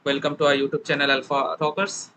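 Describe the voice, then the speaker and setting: A Bengali man with an Indian English accent, an English teacher and channel host, leads a casual conversational interview explaining pronunciation, often checking in with "right?". His medium-pitched voice is fast and sharp with little pitch movement. The recording is rough, with some hiss or hum.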